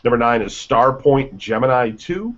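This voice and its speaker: Host, male, lively pitch, off-the-cuff news reads with shrugging asides, muffled lo-fi sound. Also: moderate pace. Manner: reads game lists with offhand asides and stumbles. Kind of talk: casual radio show news reading. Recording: dull lo-fi sound.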